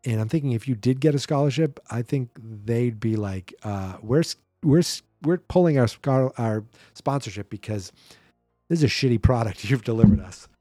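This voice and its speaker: A man hosts a solo podcast, recapping a horror movie in a loose, sarcastic, exasperated way. His voice sits mid-pitch with a dark, mellow tone. The recording is dry and close, with no room sound. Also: no room sound, faint music behind. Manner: sarcastic, exasperated running commentary with quick mimicry of characters. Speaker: podcast host.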